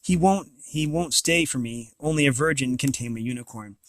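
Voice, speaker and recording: A man's voice: mid-range voice, no echo, lightly acted. Guinevere, a man reading a nervous young bride. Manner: hesitant, halting speech. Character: young noblewoman bride, nervous but gentle. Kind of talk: reading a novel aloud.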